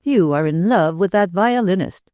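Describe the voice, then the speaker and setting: Narrator doing a cold, sharp-tongued aunt for a storybook, dry close read. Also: medium pitch, lively intonation, moderate pace, no room sound, voice pushed up, close to an everyday voice. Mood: sneering. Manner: sharp, scornful. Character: stern domineering middle-aged aunt.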